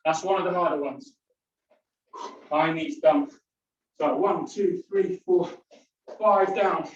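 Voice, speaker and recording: A woman's voice: fairly low pitch, slow pace. A woman fitness instructor leading a workout indoors, counting down and calling out moves while exercising along, breathing hard between exercises. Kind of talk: leading a home workout class. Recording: very echoey room, distant mic, dull sound, faint noise.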